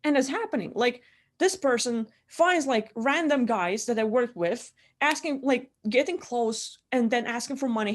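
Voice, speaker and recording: A woman's voice: on the high side, moderate pace. A young woman vlogger venting in a casual, rambling way, swearing, laughing mid-sentence and acting out what others say.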